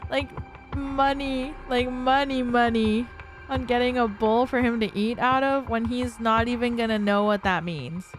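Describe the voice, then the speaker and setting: A woman's voice: on the high side, fairly even intonation, measured pace, music in the background. A woman streamer chatting casually with viewers, giggly and rambling with lots of fillers.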